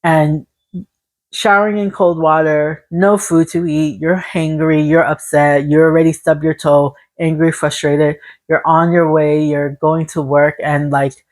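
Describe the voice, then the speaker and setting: A woman's voice: deep voice, flat delivery, a little slow, a little mellow. Encouraging woman giving a tarot reading. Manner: encouraging, speaks in long repetitive lists. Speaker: tarot reader. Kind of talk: casual spiritual tarot reading to viewers.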